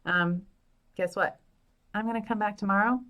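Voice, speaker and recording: A woman's voice: mid-range voice, fairly even intonation, moderate pace, fairly bright tone. A woman fertility doctor hosting a casual live question-and-answer show, talking in a chatty, upbeat and frank way into a phone, now and then laughing at herself.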